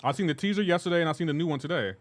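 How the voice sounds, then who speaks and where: A man's voice: fairly high pitch, rapid-fire. A man live streaming a game, chatting casually and answering viewers' messages while he plays. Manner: laid-back, reads chat messages aloud and answers them; rambling with frequent restarts and asides to gameplay. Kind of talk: casual gaming livestream chat.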